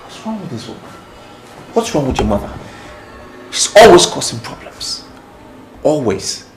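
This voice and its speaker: An exasperated harried husband. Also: male voice, medium pitch, sing-song, measured pace, soft background music. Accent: Nigerian. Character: harried husband caught between wife and mother.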